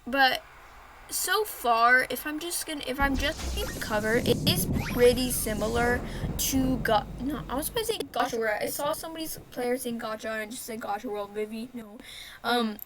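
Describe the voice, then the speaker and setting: A woman's voice: on the high side, normal speed, noisy background. A young woman giving rambling, casual commentary over a video game and often correcting herself mid-sentence. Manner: rambling, self-correcting, chatty. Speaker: gaming video host.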